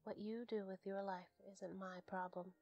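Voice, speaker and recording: Woman whispering stern male fae lord, whispered role-play, ancient, clipped, flat even delivery, faint music behind. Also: unhurried, gravelly, muffled recording. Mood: curt. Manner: low, clipped, controlled.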